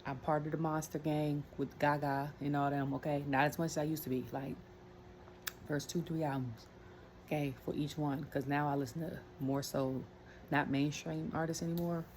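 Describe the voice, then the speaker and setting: Brief: woman, low voice, rambling wrestling rant, faint room hiss. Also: flat delivery, moderate pace, a little mellow. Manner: rambling, chatty, many fillers and asides. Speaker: wrestling commentary vlogger. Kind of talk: casual rant.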